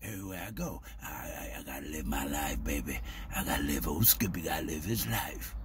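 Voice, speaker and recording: A man talking casually to the camera in a preachy, animated way, stumbling over repeated words and dropping in "man" and "baby". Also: very deep voice, brisk, background noise. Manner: street-style grammar, says "man" and "baby". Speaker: vlogger. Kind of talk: casual spoken monologue.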